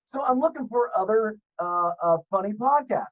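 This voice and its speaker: Man with a deep announcer voice. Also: expressive, moderate pace, muffled recording. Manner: deep announcer-style voice, profane storytelling. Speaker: podcast guest. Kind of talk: casual podcast chat.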